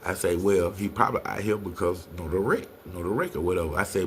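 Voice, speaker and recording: Animated man telling a story. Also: fast, few pauses, a little hiss or hum. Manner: animated, acts out quotes in a higher voice. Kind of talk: casual storytelling.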